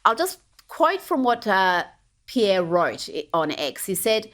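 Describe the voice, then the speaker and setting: A woman presenting a TV news segment in a measured way. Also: mid-range voice, sing-song, fairly bright tone. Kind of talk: TV news talk.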